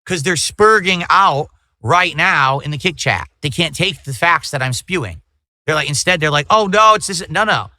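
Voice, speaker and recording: A man's voice: fairly high pitch, animated, normal speed, bright, forceful tone, dry recording, clean studio sound. A man livestreaming, lecturing his chat indignantly and repeating his accusations. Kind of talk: ranting livestream talk.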